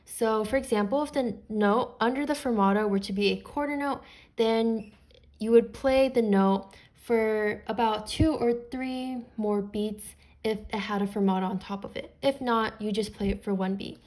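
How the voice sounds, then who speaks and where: A woman's voice: mid-range voice, steady tone, normal speed, darkish tone. A woman patiently explaining beginner music theory step by step, as a teacher.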